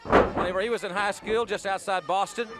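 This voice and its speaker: A man's voice: high-pitched, fairly even intonation, a little fast. A man giving folksy, rambling color commentary on a wrestling match. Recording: loud noisy broadcast with crowd.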